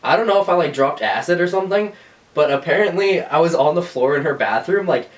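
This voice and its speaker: A man's voice: on the high side, a little fast, far from the mic. Guy on a podcast cursing a ton, telling stories, sounds a bit back from the mic. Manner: swears a lot, animated storytelling with voices. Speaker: podcast co-host. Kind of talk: casual chat.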